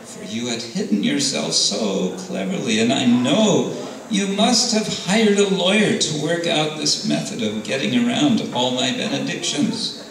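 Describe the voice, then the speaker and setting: A man voicing a defeated male demon king in a told story, speaking slowly and gravely. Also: medium pitch, very animated, a bit bright, slight background noise, pitched above the performer's own voice. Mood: wry. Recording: far-off echoey room with crowd.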